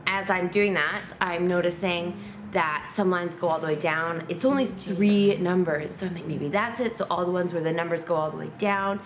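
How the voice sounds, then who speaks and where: A woman's voice: on the low side, fairly even intonation, normal speed, roomy sound, noisy background. A woman chatting casually and teasing her partner about a game they played. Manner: teasing, laughing, plainspoken. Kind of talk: casual chat.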